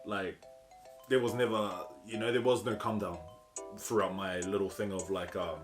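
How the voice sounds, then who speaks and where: A man's voice: fairly low pitch, flat delivery, moderate pace. A young man with a New Zealand accent, telling a story casually, swearing freely and acting out what people said, with music behind him. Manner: slangy, swears a lot, acts out quotes. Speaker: vlogger.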